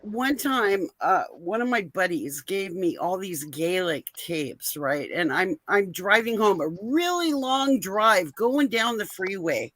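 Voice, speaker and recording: A woman's voice: mid-range voice, expressive, takes it slowly, hardly any pauses, fairly bright tone, no echo. An American woman telling a personal story in a casual chat on a call.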